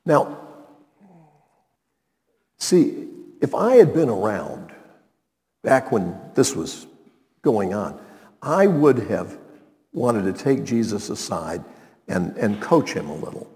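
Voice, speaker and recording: A man's voice: mid-range voice, very animated, slow, long pauses, warm tone, in a large hall. A male pastor preaching a sermon in an emphatic way, repeating his key phrases.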